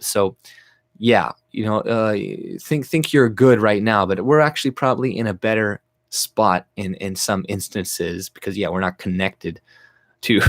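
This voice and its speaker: A man's voice: on the low side, dry recording. Guy ranting on a livestream, swears a lot, chuckles, dry close mic. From Canada. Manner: blunt, profane, laughs often. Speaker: livestream host. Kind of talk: casual livestream rant.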